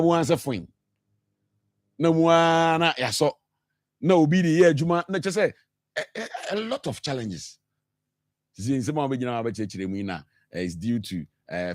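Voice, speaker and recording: This Ghanaian man's voice is medium in pitch, captured in studio quality with no echo. Speaking in a Ghanaian accent from a radio studio, he argues fervently on a talk show, switching between English and Twi and going back over the same points again and again.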